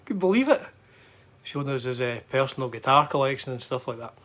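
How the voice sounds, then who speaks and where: Brief: middle-aged Scottish guitar vlogger, mid-pitched, loose and rambling. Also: male voice, lively intonation, fairly quick, a bit bright. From Scotland. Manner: rambling, chatty, frequent fillers and restarts. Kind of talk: casual travel chat.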